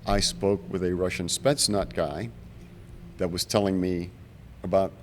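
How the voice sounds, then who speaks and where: An older man in his seventies with a somewhat low voice, telling stories from his military service in a relaxed, chatty way. He livens up his anecdotes by acting out the voices of the people he quotes. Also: a little slow, slight background noise. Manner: animated, acts out quoted voices. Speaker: Vietnam veteran guest. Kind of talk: casual storytelling.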